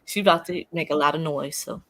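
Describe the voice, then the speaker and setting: A guest on a casual livestream, relaxed and agreeable, chiming in with short replies and small laughs. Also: mid-range voice, fast.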